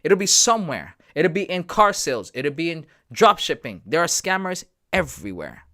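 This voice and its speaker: Animated man hosting a trading livestream. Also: a little high, normal speed. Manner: emphatic and repetitive, talks straight to viewers. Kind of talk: casual live-stream talk.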